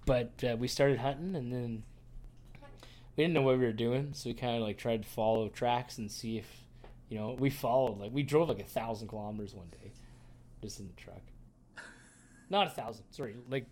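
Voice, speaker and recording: A man co-hosts a podcast, telling a long story in casual chat at normal speed. His mid-range voice is a little mellow, and he rambles with lots of fillers and swearing.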